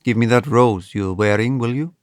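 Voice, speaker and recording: A man voicing a cool, calm young safecracker in a storybook reading. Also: medium pitch, moderate pace, dry recording, clean studio sound, natural voice.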